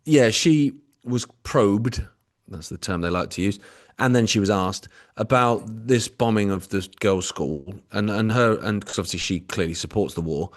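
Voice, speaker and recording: A man's voice: low voice, moderate pace. Sweary, sarcastic British man. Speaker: podcast co-host. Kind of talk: casual chat.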